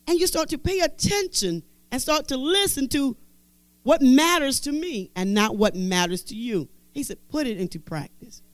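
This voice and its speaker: A high-voiced woman preaching a sermon, her pitch swinging widely as she drives each point home. She repeats scripture phrases with emphasis and drops into casual, conversational asides. The sound is dry and close. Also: expressive, moderate pace, no room sound. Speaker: Bible teacher.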